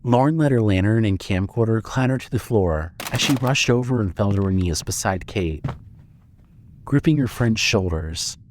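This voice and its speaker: A man narrating a fan audio drama with steady storytelling. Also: fairly low pitch, moderate pace, slight background noise.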